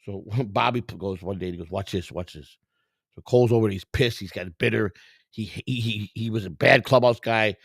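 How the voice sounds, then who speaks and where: A middle-aged man with a gravelly, rough-edged voice tells stories casually, swearing freely and acting out the people in them. He sounds close and dry, with no room around him. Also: on the low side, fairly quick, no echo. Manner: profane, animated, acts out quotes. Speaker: storyteller, former clubhouse worker. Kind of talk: casual storytelling.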